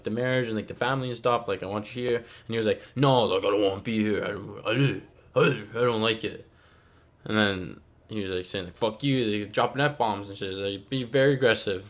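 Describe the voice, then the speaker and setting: A young man telling a story casually, rambling and filling his talk with "like" and "okay?". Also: mid-range voice.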